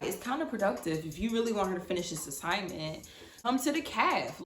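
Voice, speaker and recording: Blunt, animated young woman in an echoey room. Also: medium pitch, a little fast, faint music behind. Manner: animated, blunt, swears freely. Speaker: vlogger. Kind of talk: casual storytime.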